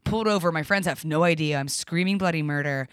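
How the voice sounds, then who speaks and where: A woman's voice: low voice, fast, smooth, no room sound, studio quality. Rambling, swearing woman telling a story. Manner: rambling, profane, lots of fillers. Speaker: podcast guest. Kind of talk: casual storytelling chat. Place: podcast studio.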